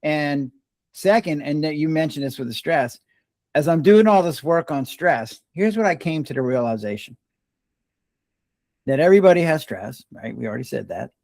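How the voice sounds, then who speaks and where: An older man, a retired doctor and podcast guest, telling stories in a relaxed, rambling way and often restarting his words. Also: a little high, normal speed, creaky, no room sound, clean studio sound. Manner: relaxed, rambling storyteller who restarts words mid-sentence. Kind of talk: casual storytelling conversation.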